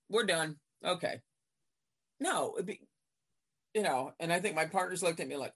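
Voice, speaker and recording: A woman in her fifties, a veteran basketball referee, chatting in an interview and acting out her exchanges with coaches in lively retellings. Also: fairly low pitch, fairly quick, husky. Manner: animated storyteller acting out court exchanges. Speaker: basketball referee, podcast guest. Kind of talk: casual interview chat.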